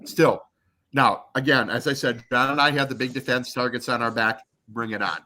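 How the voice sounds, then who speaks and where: A man in his fifties, a podcast interview guest, telling a long personal story, acting out quotes and swearing freely. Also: normal speed. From Michigan. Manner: animated, acts out quotes with big pitch jumps.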